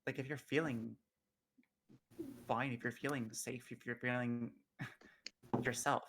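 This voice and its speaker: A man playing his character in a tabletop game, talking in an earnest, reflective way with gentle hesitations. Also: medium pitch, flat delivery, takes it slowly, a little hiss or hum. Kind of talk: in-character roleplay.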